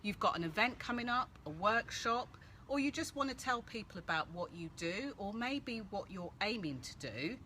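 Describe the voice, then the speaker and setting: A woman hosting a casual live-stream Q&A, chatty and animated, greeting viewers by name as she gives coaching tips. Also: medium pitch, normal speed, few pauses. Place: outdoors-adjacent room with street noise. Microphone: phone or laptop live stream. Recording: faint background street noise.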